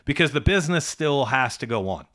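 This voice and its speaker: A man's voice: medium pitch, expressive, fairly quick, fairly bright tone. A middle-aged man co-hosting a casual business podcast, talking emphatically and tagging points with "right?". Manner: conversational, emphatic, rhetorical "right?" tags. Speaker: podcast co-host, trades business coach.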